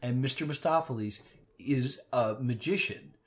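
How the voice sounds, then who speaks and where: A podcast co-host chatting casually, ranting in an exasperated, animated way and laughing between points. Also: medium pitch, moderate pace. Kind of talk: casual chat.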